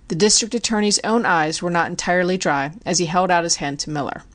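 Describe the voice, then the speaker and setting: A woman narrates an audiobook in a measured, even manner. Her voice sits slightly low for a woman. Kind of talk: scripted narration.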